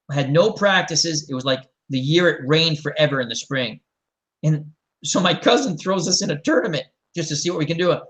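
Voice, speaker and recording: A middle-aged man hosting a casual chat, telling a long story in a rambling, animated way and acting out the quotes. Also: a little high, rough recording. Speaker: show host.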